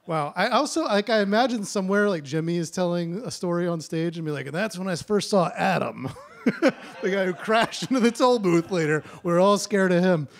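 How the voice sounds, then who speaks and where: Male host on stage, chatty, keeps laughing, a bit high voice. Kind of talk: live show hosting. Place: theater stage.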